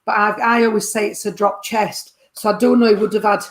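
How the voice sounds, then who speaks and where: A woman's voice: medium pitch, little pitch movement, brisk. A woman giving a chatty mediumship reading to a sitter. She calls the sitter darling and sweetheart and keeps asking whether they understand. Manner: chatty, warm terms of address, keeps checking with the sitter. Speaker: spiritualist medium.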